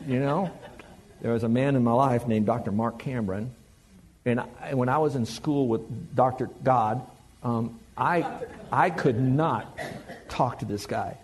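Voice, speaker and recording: A man preaching a sermon in a conversational, animated way, joking with the congregation. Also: medium pitch, measured pace.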